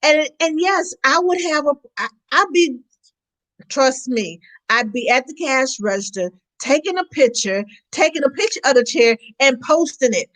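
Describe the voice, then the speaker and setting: A woman with a high voice talks in a lively, animated way during a casual conversation. She tells stories and slips into the voices of the people she quotes. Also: moderate pace, low-quality recording. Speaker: co-host. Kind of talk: casual video chat.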